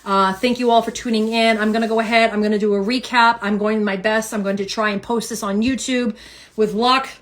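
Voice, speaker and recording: A woman giving a casual tarot reading, animated and emphatic, repeating phrases for effect. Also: a little high, brisk. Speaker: tarot reader.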